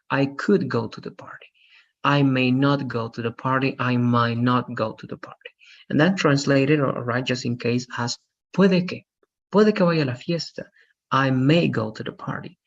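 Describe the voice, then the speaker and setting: Gravelly-voiced male English teacher. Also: mid-range voice. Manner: patient, repeats checks like "right?" and "okay?". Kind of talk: online class explanation. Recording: muffled lo-fi audio.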